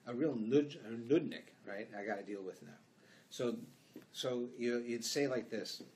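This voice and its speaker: A Canadian rabbi teaches a Torah class in a synagogue, his voice set at an ordinary middle pitch for a man. He talks in a loose, conversational way and slips into acted-out dialogue as he goes. A faint hum of room noise sits under his voice. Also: a little slow, darkish tone. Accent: Canadian English.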